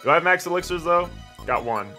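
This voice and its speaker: A man hosting a let's play, commentating excitably and yelling at his teammate and the game. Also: sits high, quick pace, soft background music.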